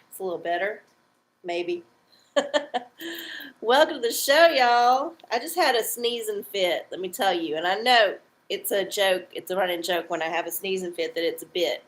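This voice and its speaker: Recorded with poor audio, this medium-pitched woman hosts a casual livestream from her home. She reads oracles for her viewers in a chatty, playful way, calling them "y'all."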